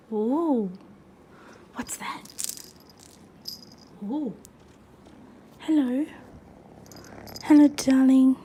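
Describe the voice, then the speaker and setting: Woman vlogger: slow, relaxed chat, higher voice, coos to her pets. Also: a little hiss or hum. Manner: chatty, cooing at her pets. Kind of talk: casual vlog chat. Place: outdoors in front of an ice cream shop, then at home.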